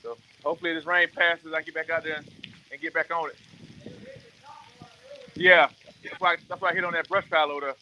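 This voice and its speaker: A man calling in from outdoors by a lake gives loose, upbeat updates. His voice is high and bright. Faint outdoor noise sits under the audio. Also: level tone, brisk, pauses often, highs cut off. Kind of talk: casual phone livestream update.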